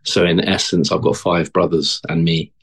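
A man from the south, a former marine, talking casually and haltingly as a podcast guest. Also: deep voice, husky. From England. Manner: relaxed, hesitant, many fillers. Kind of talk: casual interview talk.

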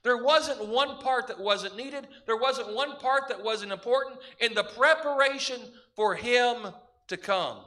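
A man's voice: extremely high pitch, measured pace, bright, forceful tone. A man preaching a sermon as pastor, emphatic, building his points through repeated parallel phrases.

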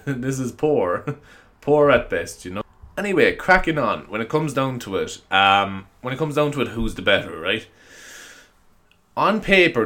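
A man's voice: medium pitch, a bit bright. Tired, rambling Irish man. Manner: rambling, self-mocking, laughs often. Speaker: podcast host. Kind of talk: casual solo podcast chat.

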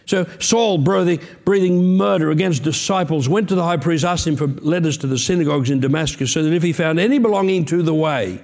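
A male pastor delivering a sermon in a fairly high voice. He preaches with earnest emphasis and breaks into casual asides to his congregation. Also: brisk, hardly any pauses, darkish tone.

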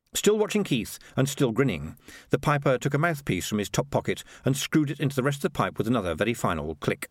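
Brief: male narrator, expressive and lively storyteller, dry studio read. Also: mid-range voice, no echo. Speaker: audiobook narrator. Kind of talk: scripted narration.

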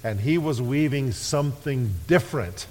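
A man preaching a sermon, leading his congregation in call-and-response and slowing to a hush on key phrases. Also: medium pitch. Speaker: pastor. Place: church sanctuary. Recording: echoey worship hall.

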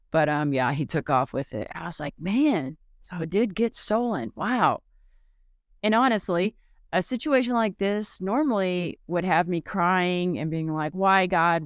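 Woman podcaster telling a story, acts out everybody's lines, lowish smooth voice, dry close sound. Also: no echo. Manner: lively storyteller who acts out each person's lines. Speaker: podcast host.

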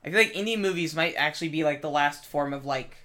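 A man with a slightly high voice chatting casually, rambling with constant filler words. He swears freely as he tells a story. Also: fast talker, sharp tone. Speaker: film crew member. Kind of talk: casual chat.

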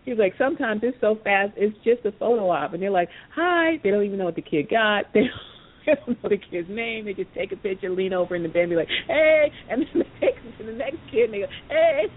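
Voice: fast, slightly rough. A podcast speaker telling a story in a casual, rambling way, with many "you know" asides. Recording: tinny phone line with faint rumble.

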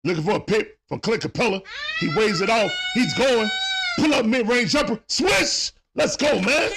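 A man with a high voice that swings up and down a lot calls a basketball game live for his stream viewers. He gets excitable and shouts over the big plays, then drops back into relaxed, casual chat with his audience. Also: moderate pace, vocal fry, noisy background. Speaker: host of a sports talk livestream. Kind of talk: live play-by-play watch-along commentary.

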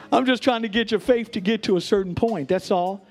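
A male bishop preaching a sermon in a church, leading the congregation through call-and-repeat declarations that swell into shouts. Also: sits high. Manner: joking asides to the congregation. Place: church sanctuary.

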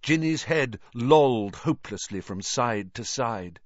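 A man's voice: medium pitch, animated, measured pace, dry recording, lo-fi sound. A man narrating a fantasy storybook expressively and dramatically. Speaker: audiobook reader.

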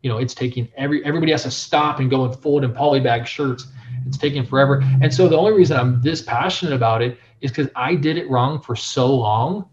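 A young adult man, a print shop owner, telling his story in a casual interview, animated and full of filler phrases. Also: medium pitch, fast talker. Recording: dull lo-fi sound.

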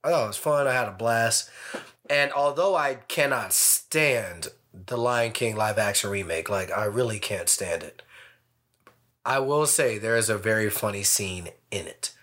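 A man's voice: fairly low pitch, a little slow. A man co-hosting a casual podcast, telling stories with lots of laughing and swearing. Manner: animated, laughing, profane storytelling. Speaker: podcast co-host. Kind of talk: casual chat.

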